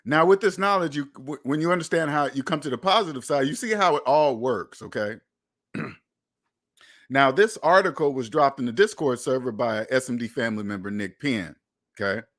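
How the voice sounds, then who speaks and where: A man's voice: medium pitch, lively intonation, brisk, fairly bright tone. A man hosting a finance channel, talking casually and emphatically straight to his viewers, repeating points and swearing now and then. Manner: emphatic, repetitive, profane, talks straight to viewers. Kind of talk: casual monologue commentary.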